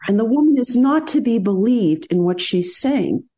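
A middle-aged woman surgeon, a podcast guest, explaining in an earnest, measured way with hesitant fillers. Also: a little high, animated, mellow.

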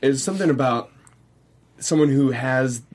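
A man's voice: mid-range voice, normal speed, darkish tone, slight background noise. Rambling jokey man chatting. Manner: jokey, rambling, with many restarts. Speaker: podcast co-host. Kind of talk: casual chat.

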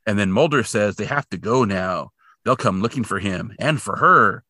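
A man's voice: on the low side, normal speed, no echo, clean studio sound. A man co-hosting a podcast, chatting casually and sarcastically while recapping an episode and acting out the characters' lines. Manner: animated, sarcastic, acts out quotes. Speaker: podcast co-host.

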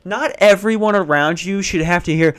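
A man's voice: high-pitched, moderate pace, clear, resonant tone. A young man ranting casually in a back office, profane, sarcastic and exasperated. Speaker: comedic ranter. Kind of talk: casual comedic rant.

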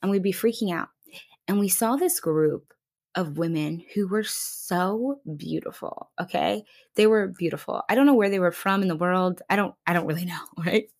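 A young woman hosting a podcast on her own, telling a story in a casual, playful way and jumping high in pitch when she quotes people. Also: normal speed. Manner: animated, playful, swoops high for quoted voices. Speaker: podcast host.

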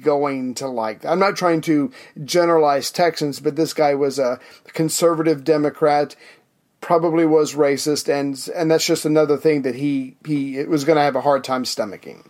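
A man co-hosting a history podcast, asking questions and adding comments in a relaxed conversational way. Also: on the high side, moderate pace. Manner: conversational, prompting questions and frequent backchannels. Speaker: podcast co-host. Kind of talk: casual history podcast chat.

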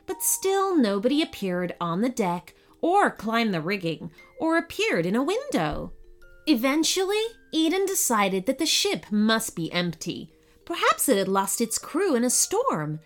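Woman storyteller for kids' audio, slow and lively in pitch. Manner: slow, expressive, animated reading. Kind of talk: children's bedtime story narration. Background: faint music.

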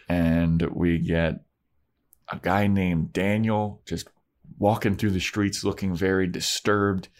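A man's voice: deep voice, little pitch movement, slow pace, pauses often. A man co-hosting a podcast, casually recapping a TV episode with loose jokes and silly voices for the characters. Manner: loose, joking, does silly voices when retelling scenes. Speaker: podcast co-host.

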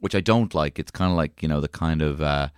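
Very deep voiced guy rambling on a chat podcast, dry close sound, faint music. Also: brisk, clear, resonant tone, no room sound. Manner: rambling, hesitant, restarts often. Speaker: podcast host. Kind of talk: casual chat.

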